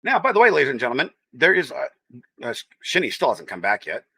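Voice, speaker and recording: A man's voice: medium pitch, huge pitch swings, fast talker, creaky, sharp tone, breathy edge, no echo. A man with a Texan-tinged accent hosting a casual livestream, chatting and teasing his viewers as he reads the chat. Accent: Texan-tinged American. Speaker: livestream host.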